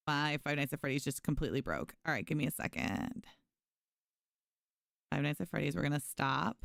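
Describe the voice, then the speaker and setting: A young woman with a low, gravelly voice streams a game, chatting casually with her viewers and thanking them. She's chatty and animated, reading the chat aloud. The recording is dry, clean-toned, and studio quality.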